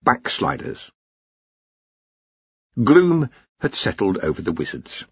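Husky guy reading a fantasy audiobook, lively pitch, dry slightly dull sound. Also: normal speed, no echo. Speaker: audiobook narrator. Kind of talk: scripted narration.

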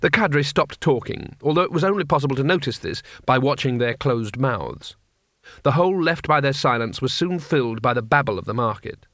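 A man's voice: mid-range voice, expressive, fairly bright tone, no echo. Dry-voiced male audiobook narrator. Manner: measured, wry storytelling. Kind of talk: audiobook reading.

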